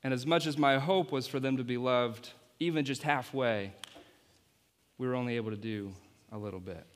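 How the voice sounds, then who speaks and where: A man's voice: medium pitch, moderate pace. A man, apparently a youth pastor, giving an object-lesson sermon and playfully coaching volunteers on stage. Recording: long hall reverb.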